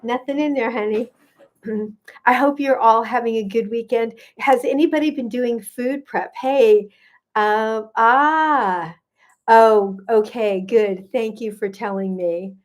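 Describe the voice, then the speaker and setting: A middle-aged woman, a gut health coach, chatting warmly and greeting viewers by name as she hosts a livestream. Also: fairly high pitch.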